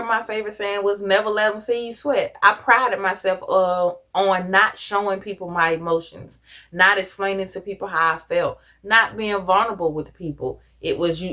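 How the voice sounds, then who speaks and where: A woman's voice: medium pitch, bright, forceful tone. Earnest woman giving life advice. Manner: earnest, advising, conversational with casual slang. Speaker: vlogger. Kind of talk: reflective personal talk to camera.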